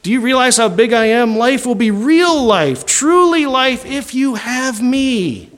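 A man's voice: very high-pitched, very animated, a bit bright, voice pushed up, exaggerated voice. A man voicing boastful talking money. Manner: slow, swelling, self-important delivery. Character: money itself, boastful male voice, grandiose and tempting.

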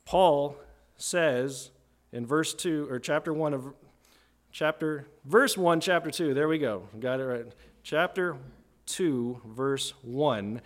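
A man's voice: a little high, slow pace. Man preaching a sermon, asks "right?". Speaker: pastor. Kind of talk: expository sermon.

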